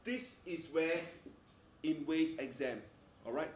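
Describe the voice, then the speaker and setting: A man's voice: a little high, takes it slowly, a little hiss or hum. Emphatic male teacher in echoey classroom. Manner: emphatic, repeats "all right?" often. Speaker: maths teacher. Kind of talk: classroom lecture. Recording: echoey room, mic far off.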